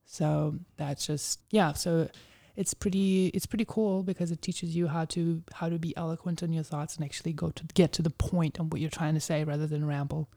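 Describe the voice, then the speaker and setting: A woman's voice: deep voice, fairly even intonation, moderate pace, creaky, few pauses, mellow. A woman talking as an interview guest, chatty and telling stories with plenty of "like". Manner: chatty storyteller, heavy use of "like". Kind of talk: casual interview conversation.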